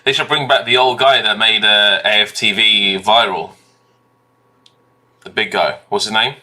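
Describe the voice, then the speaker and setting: A man's voice: fairly low pitch, steady tone, unhurried, pushed and bright. A man co-hosting a fan football live stream, laughing a lot and calling his co-host mate. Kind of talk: casual football chat.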